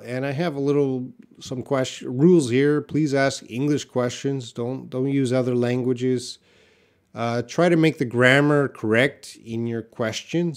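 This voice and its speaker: Slow, deliberate male English teacher. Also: medium pitch. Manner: slow, deliberate, explains patiently to viewers. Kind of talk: live-streamed English lesson.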